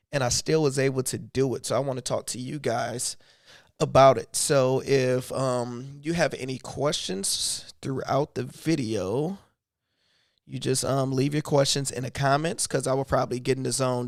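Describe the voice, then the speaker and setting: A man from Michigan hosting a casual livestream, his voice a little hoarse, talking loosely and reading from his notes. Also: medium pitch, no room sound, clean studio sound. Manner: loose and conversational, reads aloud from notes. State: slightly hoarse voice. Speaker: YouTube livestream host.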